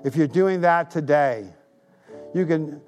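A man's voice: on the high side, slow pace, a little mellow, soft background music. A man in his sixties preaching a sermon, retelling a story with emphasis and making earnest appeals. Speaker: pastor.

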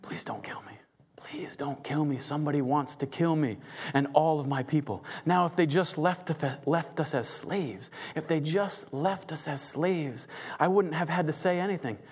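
A man voicing a frightened queen pleading in hushed whispers, in a hall with a long reverb. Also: fairly high pitch, normal speed, breathy edge, voice pushed down. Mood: desperate whisper.

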